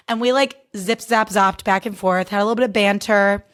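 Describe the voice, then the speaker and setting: A woman's voice: mid-range voice, fairly even intonation, a little fast, hardly any pauses, fairly bright tone. A young adult woman hosting her own podcast, talking candidly in a chatty, casual way and leaning heavily on "like". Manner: chatty and candid, heavy use of "like". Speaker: podcast host. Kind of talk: casual solo podcast recap.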